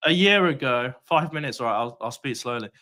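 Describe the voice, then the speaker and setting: Casting: male panelist, bright tense voice, insistent. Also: mid-range voice, lively intonation, brisk. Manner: pushy, repeats himself to get heard. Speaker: panelist on a fan show. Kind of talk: casual banter.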